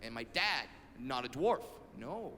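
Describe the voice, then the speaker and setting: A man performing a stand-up comedy set, telling stories with animated delivery and shouted punchlines. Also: medium pitch, unhurried. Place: stage in a comedy venue. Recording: echoey venue recording with noise.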